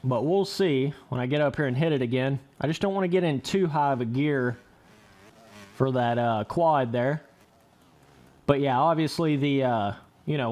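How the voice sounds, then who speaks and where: A young man giving casual, excitable commentary over motocross gameplay, laughing and trash-talking as he rides. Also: fairly high pitch. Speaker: gaming commentator.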